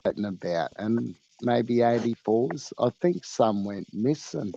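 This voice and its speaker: Man, gravelly voice, slow talker, crude banter, dry lo-fi sound. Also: medium pitch, expressive, mellow, dry recording. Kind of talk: casual chat.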